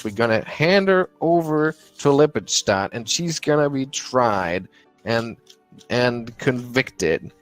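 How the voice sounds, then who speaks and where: Man doing a slow, firm sheriff. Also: mid-range voice, no echo, pitched above the performer's own voice. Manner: slow, measured, insistent. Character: stern male town sheriff, calm and firm.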